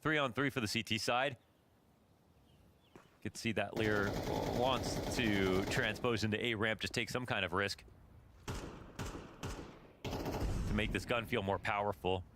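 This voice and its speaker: A man's voice: fairly low pitch, measured pace, long pauses, background noise. A man giving analytical color commentary on an esports match, breaking down the plays.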